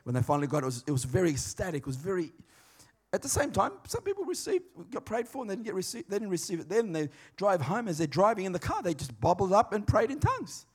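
A man preaching a sermon in a conversational, emphatic way, swinging between quiet and loud. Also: high-pitched, sing-song, racing, hardly any pauses, husky. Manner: conversational, emphatic, varied dynamics.

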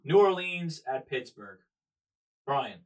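Male co-host, casual sports chat, calls out each matchup loud and drawn out. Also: on the high side, sing-song, slow pace, rough recording. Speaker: podcast co-host.

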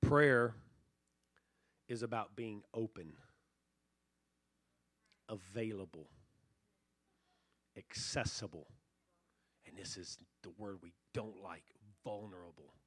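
Bright-voiced man preaching a revival sermon. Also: fairly low pitch, takes it slowly, long pauses, no echo. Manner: earnest preaching, drops to near-hush then swells on key phrases. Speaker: pastor. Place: church revival service.

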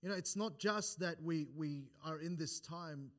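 A bit bright and on the high side, a pastor's voice moves at a measured pace through a sermon in church. He often restarts phrases, repeats words between points, builds with rising emphasis, and quotes scripture in old-fashioned wording.

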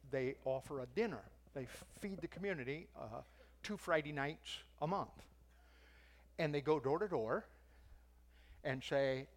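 An older man preaching and teaching, telling a story in a conversational way and raising his voice for the quoted lines. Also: medium pitch. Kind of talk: sermon.

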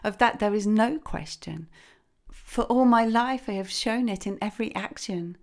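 A woman's voice: medium pitch, moderate pace, darkish tone, voice pushed up, close to an everyday voice. A woman voicing a devout young princess who answers her father tenderly but firmly. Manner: earnest, tender.

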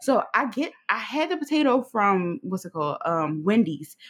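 A woman's voice: mid-range voice, very animated, normal speed, fairly bright tone, breathy edge. A woman co-hosting a podcast in casual chat, laughing often, swearing and telling stories with energy. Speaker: podcast co-host.

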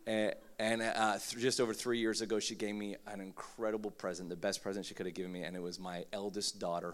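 A man's voice: on the low side, clear, resonant tone. A man in his thirties preaching a sermon, joking and mocking himself, with many fillers and restarts. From Philippines. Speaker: pastor. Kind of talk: humorous sermon.

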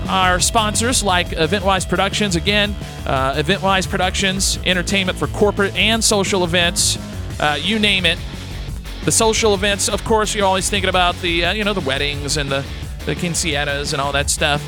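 A man's voice: sits high, normal speed, over music. A man hosting a radio talk show, rambling and blunt, with crude words and many fillers.

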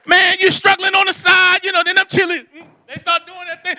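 Middle-aged male pastor, high bright tone, dry close sound, fiery sermon style. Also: fast talker, few pauses, dry recording. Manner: impassioned preaching, swings from soaring shouts to hushed prayer.

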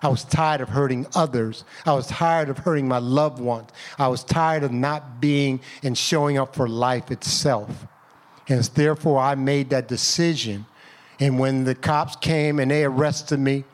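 A man giving a storytelling speech about his recovery, shifting his pace for effect and acting out the voices he quotes. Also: mid-range voice.

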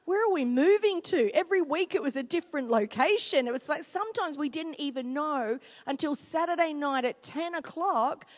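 Woman pastor, 40s, high bright voice, lively sermon, long hall reverb. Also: normal speed, few pauses. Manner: lively, emphatic preaching to a congregation.

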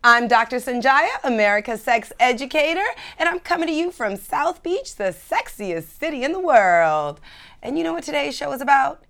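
A woman from California hosting a radio talk show as a sex educator, telling stories in an animated, chatty way. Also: high-pitched, moderate pace. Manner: animated, chatty storytelling with laughs.

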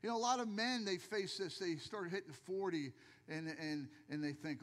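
An older male pastor preaching a sermon in a church with jokey, animated storytelling, acting out the voices of people in his stories. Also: high-pitched, normal speed, big-room sound.

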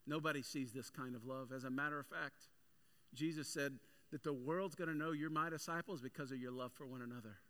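A male pastor preaching a sermon with energetic, animated storytelling. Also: mid-range voice, a little fast.

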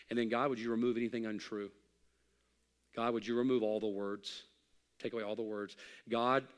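A man preaching a folksy, humorous sermon as a pastor, building to loud emphatic peaks. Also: on the low side. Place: church sanctuary. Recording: long hall reverb.

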